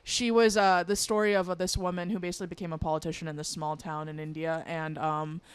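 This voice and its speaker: A woman's voice: on the low side, flat delivery, quick pace, clear, resonant tone, no room sound. A young woman co-hosting a podcast, telling stories in a chatty way with lots of fillers. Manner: chatty storyteller, filler-heavy. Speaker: podcast co-host. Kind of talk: casual chat.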